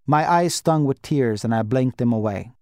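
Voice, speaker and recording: A man reading a novel aloud in first person, quiet and measured. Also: mid-range voice, dry recording, clean studio sound. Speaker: audiobook narrator.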